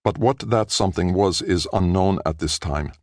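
A man voicing a ship's master computer in an audiobook, with a flat, bland delivery. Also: deep voice, normal speed, no echo, studio quality, natural voice.

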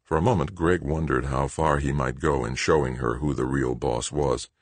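A man narrating an audiobook in a steady, even storytelling manner. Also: very deep voice, moderate pace, husky, no echo. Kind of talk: scripted narration.

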